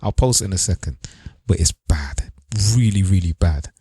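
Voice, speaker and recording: Lowish-voiced, earnest male co-host, dry sound. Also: lively intonation, moderate pace, mellow, husky, no echo. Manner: emphatic, earnest. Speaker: podcast co-host. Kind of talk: casual podcast chat.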